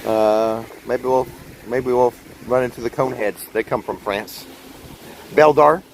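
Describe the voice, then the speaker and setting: A man's voice: mid-range voice, flat delivery, unhurried, darkish tone, low-quality recording. A man live-streaming a stroll outdoors in a theme park, chatting in a rambling way straight to his viewers beside a fountain. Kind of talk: casual live-stream chat. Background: wind and splashing water.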